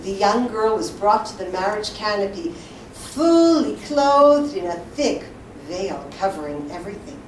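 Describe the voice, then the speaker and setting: A woman storyteller telling a folk tale live with expressive, lively delivery, recorded in a hall. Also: a little high. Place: synagogue hall. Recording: roomy, distant live mic, faint hiss.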